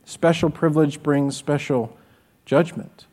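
Earnest preaching man, fairly high voice. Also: a little slow, darkish tone. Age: adult with children. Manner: earnest preaching with rhetorical questions. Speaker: pastor. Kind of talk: sermon.

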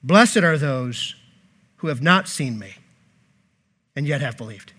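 A male preacher voicing a patient, gentle male teacher, soft and coaxing. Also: sits high, very animated, fairly quick, big-room sound.

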